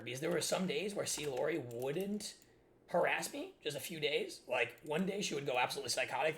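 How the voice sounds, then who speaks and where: A man's voice: mid-range voice, vocal fry, fairly bright tone, a little hiss or hum. A man in his twenties telling a long personal story in a rambling, casual way, full of filler words. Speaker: streamer.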